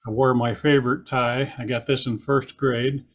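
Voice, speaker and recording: A man's voice: mid-range voice, level tone, normal speed, a little hiss or hum. An older man doing a dry, self-deprecating stand-up set over a video call. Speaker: stand-up comedian.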